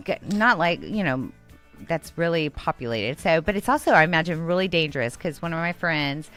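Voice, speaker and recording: A woman's voice: low-pitched, lively intonation, brisk, fairly bright tone, faint music behind. Bubbly Texas radio co-host woman. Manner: bubbly, laughs often. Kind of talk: casual radio chat. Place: radio studio.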